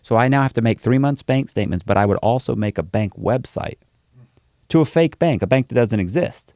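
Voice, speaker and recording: A man's voice: medium pitch, fairly quick, no echo, studio quality. A man being interviewed, telling a long story in a casual way and acting out the voices of the people in it. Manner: animated storyteller, acts out quoted dialogue. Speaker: interview guest.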